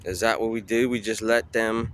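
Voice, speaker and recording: A man's voice: on the low side, fairly even intonation, moderate pace. Fired-up man ranting over vehicle noise. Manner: fiery, preachy, repetitive rhetorical questions. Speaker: vlogger. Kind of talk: impassioned street rant.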